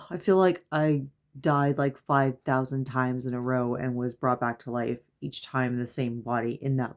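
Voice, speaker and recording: A woman in her thirties with a notably low voice, chatting at home in a loose, rambling vlog. She laughs often and gets lively when she quotes herself. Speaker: mother and vlogger. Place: at home before bed.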